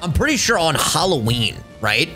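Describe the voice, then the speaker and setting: A man with a fairly high voice chats over a game, joking and keeping up silly bits. His pitch swings widely, and faint music plays underneath. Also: moderate pace. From Italian-American. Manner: joking, animated, playful bits. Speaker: gaming co-host. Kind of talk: casual gaming chat.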